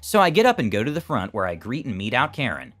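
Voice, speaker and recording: A man reading out an online story as the narrator, in an expressive storytelling way. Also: medium pitch, quick pace.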